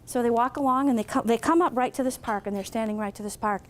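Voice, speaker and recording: A woman guest speaker telling a parable as an animated storyteller. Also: fairly high pitch, quick pace. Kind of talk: storytelling speech.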